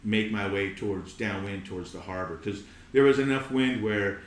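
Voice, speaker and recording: A man, a podcast guest, telling a personal story in a casual, animated way and often repeating words as he goes. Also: lowish voice, moderate pace. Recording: roomy echo.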